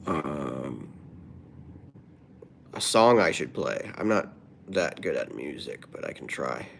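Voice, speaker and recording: A man's voice: extremely low pitch, big pitch swings, slow pace, vocal fry, a bit bright, slight background noise. A man livestreaming, reading viewers' comments aloud and answering them in a rambling, offhand way. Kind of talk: casual livestream chat.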